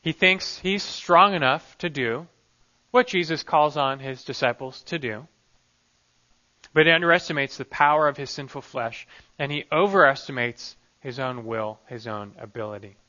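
A man's voice: mid-range voice, moderate pace, bright, forceful tone, dull audio. A man preaching a sermon on a Bible passage, emphatic and full of rhetorical questions.

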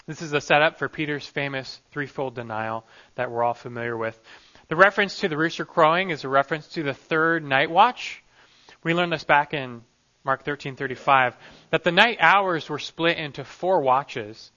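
A man's voice: on the high side, normal speed, pushed and bright, dull audio. A man preaching a sermon on a Bible passage, emphatic and full of rhetorical questions.

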